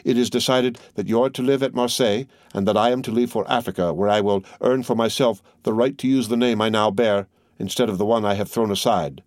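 A male narrator gives voice to a proud, devoted young son, earnest and resolute in a low voice. The storybook lines are recorded close and dry. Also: fairly even intonation, brisk, a little mellow, no room sound, close to an everyday voice.

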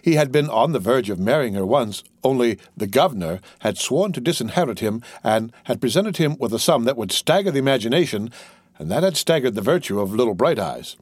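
Husky, lively male storyteller. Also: medium pitch, a little fast, dry recording. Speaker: audiobook narrator. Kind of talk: scripted narration of a novel.

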